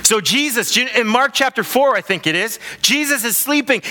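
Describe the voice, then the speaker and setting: A man preaching a sermon as pastor of his church, telling the story in an animated way and acting out the voices. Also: very high-pitched, fairly quick, few pauses. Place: large church hall. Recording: long hall reverb.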